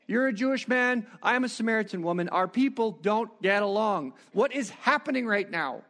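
Brief: male preacher, high-pitched, animated narrative sermon full of rhetorical questions. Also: normal speed.

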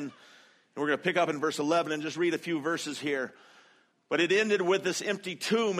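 A man's voice: on the high side, fairly bright tone. A man preaching a sermon as pastor, earnest and conversational, acting out quoted lines with feeling.

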